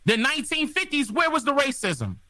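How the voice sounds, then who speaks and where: A man's voice: extremely high pitch, wildly swooping pitch, brisk, pushed and bright, dry recording. A man in a heated argument, indignant and sarcastic. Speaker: debater.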